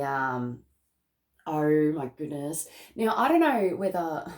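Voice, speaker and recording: Gravelly, chatty woman reading tarot. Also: low-pitched, sing-song, unhurried, darkish tone. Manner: chatty and emotional, often laughing, many fillers. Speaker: tarot card reader. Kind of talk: casual spiritual reading to camera.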